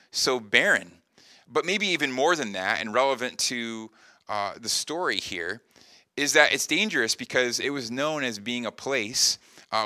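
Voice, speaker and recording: A man's voice: mid-range voice, pushed and bright, dry recording. A man preaching a sermon in an earnest, conversational way, often checking in with the listeners. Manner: earnest, conversational preaching with frequent "right?" asides. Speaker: pastor.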